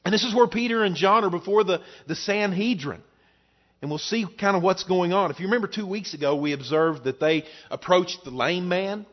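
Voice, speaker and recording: A man's voice: high-pitched, a little fast. A male pastor preaching a sermon to his congregation, telling a story in a folksy way with frequent fillers. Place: church service before a congregation. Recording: dull lo-fi sound.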